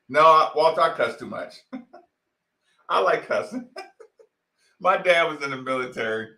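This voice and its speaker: Fired up guy ranting about sports media, highish voice, slow drawl, echoey room. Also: animated, vocal fry, sharp tone. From Asheville, North Carolina. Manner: heated, ranting, laughs often, cusses. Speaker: podcast host. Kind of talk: opinionated sports talk.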